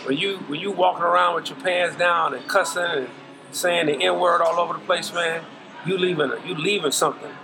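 A man's voice: a little high, fairly even intonation, fairly quick, background noise. A middle-aged man, a podcast guest, giving earnest, preachy life advice in casual talk full of slang. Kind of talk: casual interview chat.

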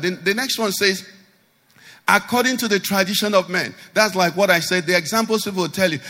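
A man's voice: high-pitched, a little fast, bright, forceful tone, long reverb tail. A man pastor, preaching a sermon animatedly and asking the congregation rhetorical questions.

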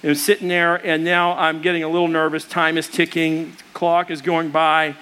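Bright, high-voiced male preacher. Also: normal speed, clear, resonant tone. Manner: animated, acts out the voices in his story; conversational, with fillers and restarts. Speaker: pastor. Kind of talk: storytelling sermon.

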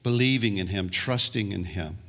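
A man preaching a sermon as pastor, deliberate and prone to repeating words as he restarts phrases. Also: on the low side, a bit bright.

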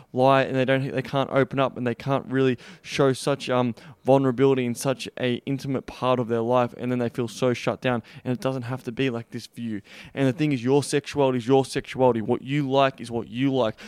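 A man's voice: mid-range voice, darkish tone, smooth, dry recording. A man hosting a podcast as a sex coach, giving an emphatic motivational monologue that repeats key lines, swears freely and draws out stressed words.

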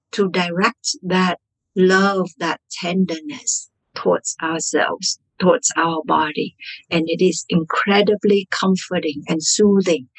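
A woman meditation teacher speaking gently and unhurriedly in an interview. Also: lowish voice, slightly rough, rough recording.

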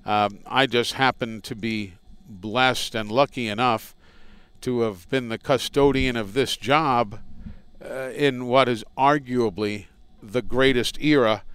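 Indoors at a college arena, a radio play-by-play broadcaster is interviewed and tells casual, rambling, self-deprecating stories from his career. His medium-pitched voice is smooth and a bit bright, with a steady tone and slow pace.

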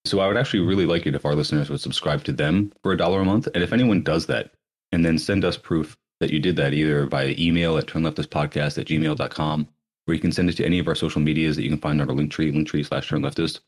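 A man hosting a podcast, talking in a brisk, chatty way. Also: extremely low pitch, fairly even intonation, slightly rough. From United States. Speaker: podcast host. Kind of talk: casual podcast talk.

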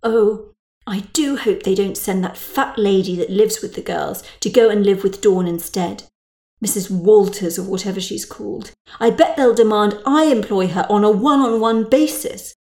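A self-pitying, snobbish middle-aged mother from a spoken storybook, as a woman puts her on. She whines and grumbles in a plaintive voice that climbs high. Her complaints are delivered in a middle pitch that often peaks upward. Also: moderate pace, mellow, close to an everyday voice. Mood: complaining.

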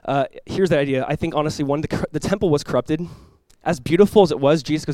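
A male pastor delivers a sermon in a relaxed, conversational way, acting out quick asides along the way. His voice sits a little high and moves at a rapid clip. The recording is dry and close, with no room sound. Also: no room sound, low-quality recording. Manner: casual, animated preaching with playful voiced asides.

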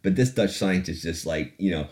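A man's voice: deep voice, moderate pace, darkish tone. A man hosting a casual opinion podcast, talking in a loose rambling way, laughing now and then and swearing freely. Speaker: podcast host.

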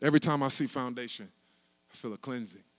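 A man preaching a sermon as pastor, shifting from quiet, casual asides to loud, rising shouts. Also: medium pitch, quick pace.

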